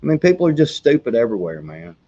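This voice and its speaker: A man's voice: medium pitch, sing-song, quick pace, dark tone. A man in a casual political chat, speaking bluntly and with exasperation. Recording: dull lo-fi sound.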